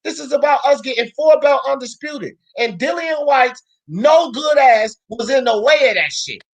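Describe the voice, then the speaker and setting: Swearing liberally and often shouting, a woman hosting a talk show goes on a loud boxing rant. Her voice runs a bit high for a woman, her intonation is lively, and she keeps a normal speed while pressing her point with hot, relentless conviction.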